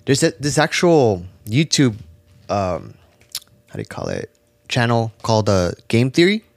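A man co-hosting a podcast, telling stories in a relaxed, profane casual chat. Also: medium pitch, a little slow, vocal fry, no room sound. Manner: laid-back, swears a lot, tells stories. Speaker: podcast co-host.

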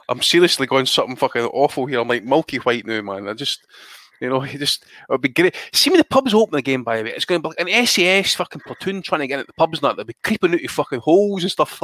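A Scottish man spins rambling, swear-laden anecdotes in casual podcast chat. His voice sits at an ordinary middle pitch. The sound is dry and close, with no room around it. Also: a bit bright, no room sound. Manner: profane, rambling storyteller. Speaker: podcast co-host.

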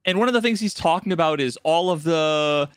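A man co-hosting a casual gaming podcast, telling a story with lively shifts and acting out game characters' lines. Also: fairly high pitch, brisk, smooth, dry recording, clean studio sound. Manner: animated storyteller, acts out game dialogue in raised voices. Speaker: podcast co-host.

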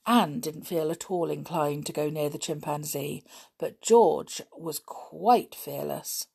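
A woman reading a children's book aloud in a lively way, giving the characters voices. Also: low voice, takes it slowly, vocal fry, slightly rough. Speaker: storybook reader.

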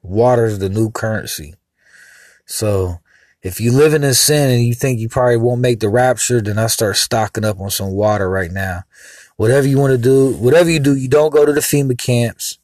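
A man's voice: mid-range voice, moderate pace, a little mellow, no room sound. Heated rambling man, dry close sound. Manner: rambling and heated, with vulgar asides. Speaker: podcast host. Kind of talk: casual monologue.

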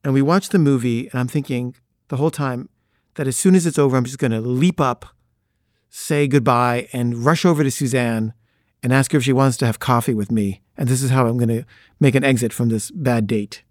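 A man's voice: medium pitch, fairly quick, no room sound, studio quality. A middle-aged man from the Los Angeles area telling a personal story in a conversational way, acting out the people he quotes. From Los Angeles, the San Fernando Valley. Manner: conversational, acts out quoted voices.

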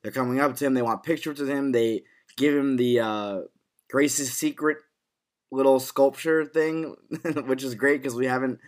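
A man talks through a TV episode on a casual podcast. He gets worked up, swears freely and stumbles over his own restarts. His voice sits at an ordinary middle pitch for a man. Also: normal speed. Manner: excitable, swears freely, restarts phrases often. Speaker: podcast co-host. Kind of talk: casual TV recap discussion.

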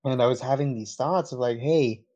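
A man with a light Texan accent talks casually as a podcast guest. His voice sits at an ordinary middle pitch, and he tells long stories with easy laughter breaking through. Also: fairly even intonation, fast, warm tone, lo-fi sound. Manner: laughs often, storytelling.

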